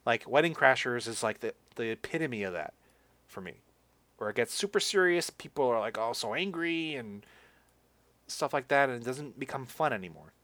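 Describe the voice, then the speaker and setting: A man's voice: medium pitch, expressive, moderate pace, fairly bright tone, dry recording. A young man chatting casually about movies as a podcast co-host, rambling with lots of fillers and restarts.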